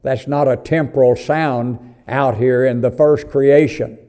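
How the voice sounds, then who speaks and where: Slow, mellow-voiced male preacher. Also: mid-range voice, steady tone. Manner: slow, emphatic preaching with swells and drops in volume; calls listeners "hon". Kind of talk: sermon.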